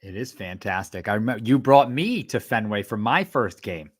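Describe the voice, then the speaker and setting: A man's voice: fairly low pitch, animated, normal speed, no echo, studio quality. Man chiming in as a co-host. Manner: chimes in with short agreeing remarks. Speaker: podcast co-host. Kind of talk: casual chat.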